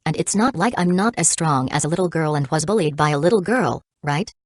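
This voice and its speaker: A woman voicing a vindictive young man who talks with mock gentleness and sarcasm. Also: deep voice, expressive, a little fast, no echo, clean studio sound. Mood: sarcastic.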